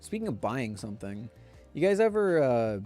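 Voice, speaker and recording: Mellow, laid-back male streamer. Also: mid-range voice, very animated, moderate pace, soft background music. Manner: rambling, laid-back, chuckles often, speaks straight to viewers. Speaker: livestreamer. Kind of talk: casual live-stream chat.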